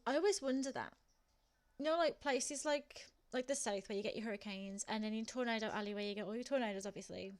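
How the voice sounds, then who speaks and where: Brief: woman streamer, Black Country accent, a bit high-pitched, chatty, laughs easily. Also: quick pace. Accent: Black Country (West Midlands English). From England. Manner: chatty, laughs often, talks to chat viewers. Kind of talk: casual chat while gaming.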